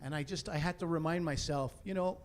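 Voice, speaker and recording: A man in his forties performing a stand-up comedy set on a theatre stage, animated and exasperated, rising to shouts on his punchlines. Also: on the high side, fairly quick. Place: theatre stage before a live audience.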